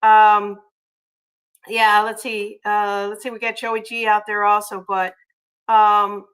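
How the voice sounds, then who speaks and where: A woman hosting a casual livestream, chatty and gushing, often pausing on ums and uhs as she reads viewer comments. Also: medium pitch, little pitch movement, fairly bright tone, clean tone, low-quality recording. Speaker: livestream host.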